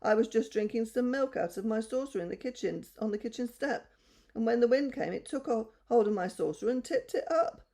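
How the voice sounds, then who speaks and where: A fussy, complaining farmyard cat from a bedtime storybook, voiced by a woman reader. She sounds high and indignant. Her voice has a faint gravelly rasp. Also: expressive, fairly quick, mellow. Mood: cross.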